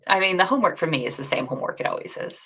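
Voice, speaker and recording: Lively gravelly woman teaching. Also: lowish voice. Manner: chatty, animated, self-deprecating, quick asides. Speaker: bootcamp co-host. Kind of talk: casual livestream teaching chat.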